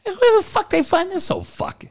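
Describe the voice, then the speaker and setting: A man's voice: very high-pitched, moderate pace, gravelly. A man co-hosting a casual podcast, swearing a lot as he tells stories. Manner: profane, animated storytelling. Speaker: co-host.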